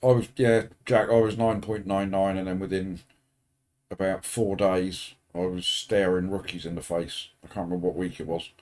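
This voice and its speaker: A British man with a lowish voice chats casually to his viewers on a racing stream. He keeps things light with dry, deadpan jokes tossed in between remarks. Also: normal speed. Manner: chatty, dry joking asides. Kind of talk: casual chat with a live stream audience.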